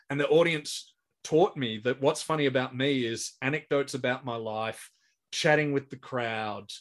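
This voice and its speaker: A man in his forties with an Australian accent, telling anecdotes as a comedian guest in a casual interview, restarting his sentences often. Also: medium pitch. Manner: rambling anecdotal storyteller with many restarts.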